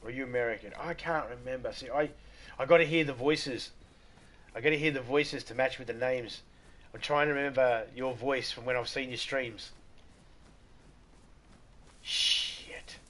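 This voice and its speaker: An Australian man talks casually to his live-stream chat. His voice sits at an ordinary middle pitch, and he wanders from point to point, joking and breaking into laughter. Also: brisk, fairly bright tone. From Western Australia. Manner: rambling, joking, laughs often.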